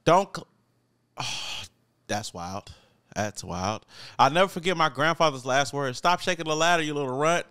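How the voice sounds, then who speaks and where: A young man hosting a casual reaction chat, reading memes aloud with loud excited outbursts. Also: on the high side, moderate pace, clean tone. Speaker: host.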